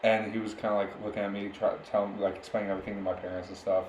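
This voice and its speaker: Racing along in a lowish voice with little pitch movement, a young podcast co-host tells a rambling story, frequently breaking into laughter. It's casual storytelling chat, recorded with a roomy echo and faint noise in the background.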